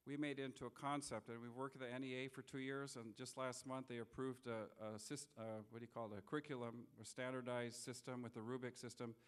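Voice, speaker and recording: A middle-aged man speaking as a guest lecturer, telling stories in an earnest, unhurried way with frequent restarts. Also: medium pitch, clean tone. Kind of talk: public lecture with storytelling. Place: lecture hall.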